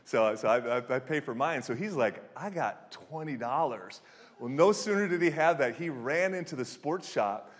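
Storytelling pastor preaching in a reverberant hall. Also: male voice, mid-range voice. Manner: conversational storytelling with frequent restarts and fillers. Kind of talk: sermon.

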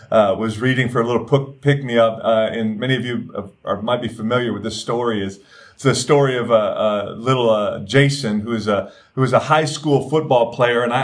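Earnest man preaching a sermon. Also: mid-range voice. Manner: earnest preaching with repeated phrases and drops to a softer tone. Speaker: pastor.

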